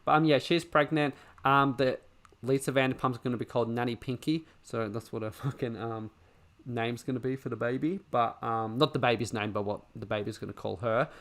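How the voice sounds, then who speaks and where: Podcast co-host: man, casual, sweary, animated rants. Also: mid-range voice, brisk. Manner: swears a lot, ranting and animated. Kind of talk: casual chat.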